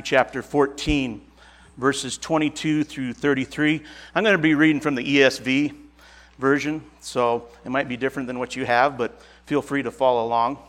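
A man's voice: medium pitch, fairly even intonation, normal speed, fairly bright tone. A man preaching to a congregation, reading scripture aloud and then speaking in an earnest, emphatic and conversational way. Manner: earnest and emphatic, repeats phrases eagerly; casual, conversational asides. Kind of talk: sermon to a congregation.

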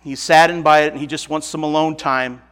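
A man preaches to his congregation with earnest, emphatic warmth. He talks in a casual, conversational way and often repeats phrases. His voice sits a little higher than most men's. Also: fairly even intonation, brisk. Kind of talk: sermon to a congregation.

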